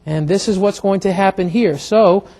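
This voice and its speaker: A man teaching a classroom grammar lecture, explaining step by step in a halting way with many pauses and restarts. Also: sits high, warm tone. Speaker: Hebrew instructor.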